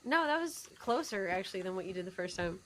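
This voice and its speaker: A woman's voice: mid-range voice, sing-song, fast, a bit bright, a little hiss or hum. A woman in a roleplay stream, chatting in character and teasing her companion playfully. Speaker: roleplay player.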